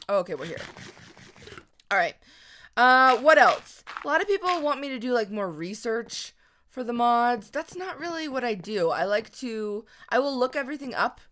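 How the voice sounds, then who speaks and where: A young woman giving chatty, excitable commentary on her own gameplay, gasping and squealing at surprises. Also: a little high, measured pace, background noise. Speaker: gaming video host.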